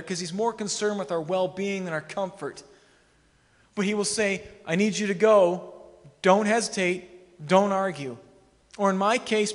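A male pastor preaching a sermon in a church, talking conversationally and acting out quoted dialogue with humor. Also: sits high. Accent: Canadian English. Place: church sanctuary. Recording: long church hall reverb.

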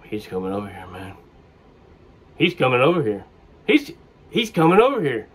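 A man's voice: mid-range voice, huge pitch swings, normal speed, husky. A man voicing a nervous young assistant coach who anxiously repeats himself.

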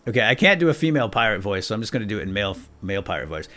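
A man giving excitable, jokey commentary while playing a video game. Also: fairly low pitch, rapid-fire, hardly any pauses, faint music behind. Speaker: let's play gamer. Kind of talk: casual gameplay commentary.

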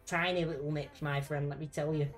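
A man, a gaming streamer who banters, swears and shouts during play. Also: on the high side, fairly even intonation, a little fast. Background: background music.

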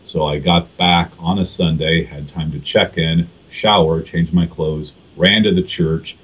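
A man from California, a guest on a podcast, recounting his travels in a measured, thoughtful way with frequent fillers. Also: low-pitched, fairly even intonation, husky, lo-fi sound. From California, USA. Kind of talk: casual podcast interview.

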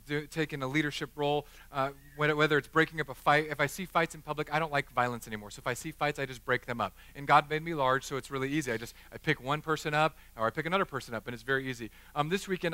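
A middle-aged man preaching a sermon as the church pastor, joking with the congregation and acting out the people in his stories with lively energy. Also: a little high, clean tone, no room sound. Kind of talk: sermon with storytelling. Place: church chapel.

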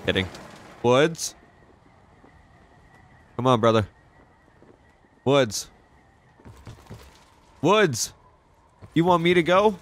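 Excitable, profane young man gaming. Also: on the high side, drawn-out words, long pauses. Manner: excitable, profane, reacting out loud. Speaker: gaming channel host. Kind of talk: casual let's-play commentary.

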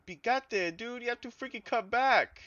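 A man commentating his own football video game as he plays, excitable and swearing, yelling at his players and groaning at their mistakes. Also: very high voice, moderate pace, dry recording, muffled recording. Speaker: gaming YouTuber. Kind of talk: live gameplay commentary.

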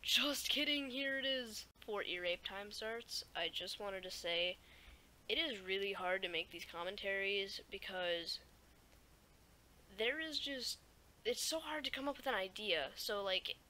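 A woman's voice: mid-range voice, unhurried, slight background noise, low-quality recording. Teen girl rambling through a storytime vlog. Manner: rambling, animated, fillers like "like" and "right?". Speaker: YouTuber.

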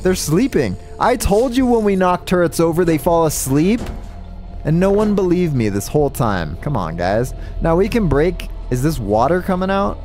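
A man streaming a puzzle game live, talking through it in an excitable, joking way and thinking aloud. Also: a little high, moderate pace, faint music behind. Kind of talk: live gameplay commentary.

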